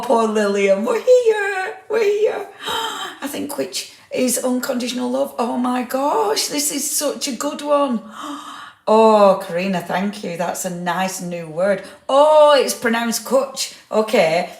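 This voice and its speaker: Chatty woman host in a roomy space. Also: on the high side. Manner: chatty, reads out viewer comments, laughs often. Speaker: craft livestream host. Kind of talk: casual live-stream chat. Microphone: clip-on microphone. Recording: roomy echo.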